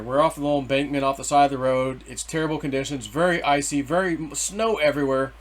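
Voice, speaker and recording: A middle-aged man telling a story in a rambling, excitable way, swearing and then softening his words. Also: fairly high pitch, fast talker. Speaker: vlogger. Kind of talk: casual storytelling.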